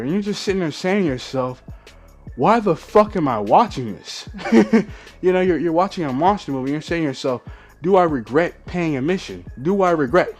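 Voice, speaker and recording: A man's voice: mid-range voice, a little mellow. A man ranting in a movie review vlog, profane and exasperated, often mimicking lines in mock quotes.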